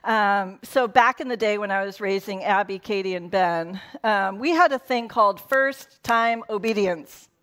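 A woman's voice: medium pitch, unhurried, few pauses, a bit bright. Middle-aged lady pastor, chatty sermon, keeps going off on little asides. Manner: conversational, laughing asides, quotes in put-on voices. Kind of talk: casual sermon.

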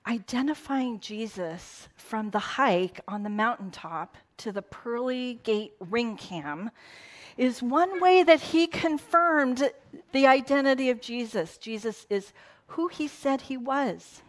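A woman's voice: a little high, lively intonation, takes it slowly. A middle-aged woman pastor giving a casual sermon in a conversational way, with laughing asides. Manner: conversational, laughing asides, quotes in put-on voices.

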